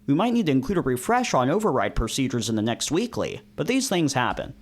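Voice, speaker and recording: A man reads out a relentlessly chipper male office boss, lifting his pitch into a bright, sing-song brightness. He keeps things soothing and falsely reassuring, as in a visual novel read-aloud, his voice bouncing with lively ups and downs. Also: fast talker. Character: cheery upbeat male workplace manager.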